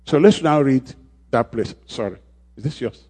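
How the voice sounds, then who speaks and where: Man, pastor, husky, mid pitch, sermon, repeats phrases, rallies the congregation. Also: normal speed. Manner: call-and-response preaching, repeating phrases, swings from shouting to quiet.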